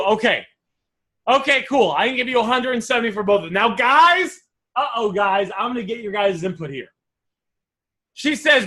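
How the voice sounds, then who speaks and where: A man coaching a live class on sales offers, energetic and repetitive, often calling his listeners guys. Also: sits high, fairly quick. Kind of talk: live online teaching session.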